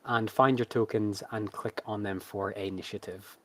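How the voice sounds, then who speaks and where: A man narrating a tabletop game as game master, halting and full of fillers. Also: on the low side, steady tone, fairly bright tone, dry recording.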